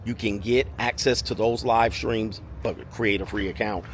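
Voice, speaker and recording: Salesy male host, lowish voice, faint street noise behind. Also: fairly even intonation, moderate pace. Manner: confident, salesy. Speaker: host doing a promo. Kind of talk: channel promotion.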